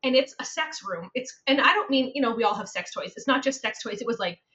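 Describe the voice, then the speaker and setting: A woman hosting a podcast about real estate, telling stories in an animated, laughing, repetitive way. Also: a little high, quick pace, husky, lo-fi sound. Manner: animated, laughing, repeats phrases for emphasis. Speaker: podcast host and realtor. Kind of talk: casual storytelling chat.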